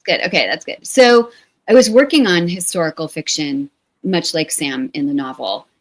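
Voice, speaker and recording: Lively chatty woman author, middle-aged, lowish voice, kinda self-mocking. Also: moderate pace. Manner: lively, talkative, self-deprecating. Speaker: author guest and co-founder. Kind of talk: conversational interview.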